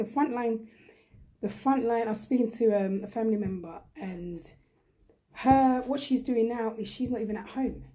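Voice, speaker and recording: A woman's voice: fairly high pitch, warm tone. A young woman hosts a live chat with viewers, talking in a chatty, emphatic and encouraging way. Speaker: host.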